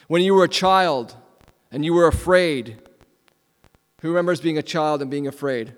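A man preaching a sermon as a pastor, asking rhetorical questions and repeating lines, swinging from loud emphasis to hushed near-whispers. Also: a little high, normal speed, clean tone. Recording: long hall reverb.

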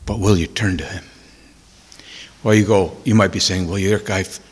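Guy preaching his testimony, teary, goes from whispers to loud outbursts, big hall echo. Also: low-pitched, steady tone, normal speed, husky. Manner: emotional, swings from hushed whispers to loud exclaiming. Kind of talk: sermon testimony.

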